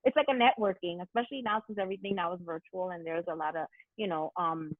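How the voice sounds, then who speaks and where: A woman's voice: on the low side, steady tone, quick pace, dry recording. A young woman speaking casually on a video call panel, full of "like" and "you know". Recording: tinny phone-like line, dry.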